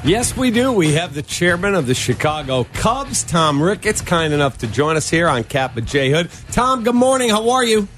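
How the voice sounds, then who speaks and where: A man's voice: high voice, sing-song, moderate pace, hardly any pauses, a bit bright, faint music behind. A man hosting a sports radio show, interviewing a guest with long, probing questions. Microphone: studio mic.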